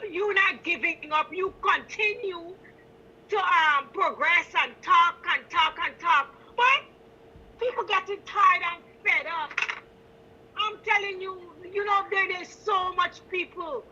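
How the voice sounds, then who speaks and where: A woman's voice: extremely high pitch, sharp tone, muffled recording, slight background noise. A woman from Guyana with a Guyanese accent, calling into a talk show and speaking with passion, repeating her points for emphasis. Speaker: caller. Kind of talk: impassioned call-in talk.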